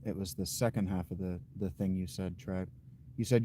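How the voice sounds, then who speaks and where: A man hosting a livestream, chatting casually with viewers' comments in an unhurried, blunt way, thinking aloud with fillers and restarts. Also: low voice, fairly even intonation, dark tone, slight background noise. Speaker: livestream host.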